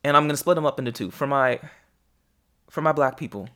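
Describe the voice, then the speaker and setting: A man hosting a devotional podcast who asks earnest, pointed questions and then leads a quiet prayer. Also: medium pitch, fast, long pauses. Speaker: podcast host.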